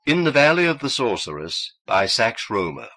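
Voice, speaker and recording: Bright-voiced male audiobook narrator. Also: medium pitch. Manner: measured, expressive narration. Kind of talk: audiobook reading.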